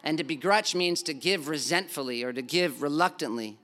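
A man's voice: a little high, brisk, pushed and bright. A man preaching a sermon as pastor, earnest and emphatic, acting out the people in the story.

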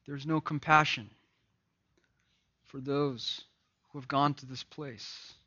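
A man preaching an impassioned sermon that swings between loud emphasis and hushed, grave lines, often repeating words. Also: mid-range voice, fairly even intonation, slow. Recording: dull lo-fi recording.

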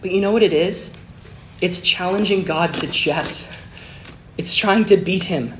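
A man preaching a sermon, telling a story with big swings between hushed and emphatic delivery. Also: sits high, a little slow. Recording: noisy recording with clicks.

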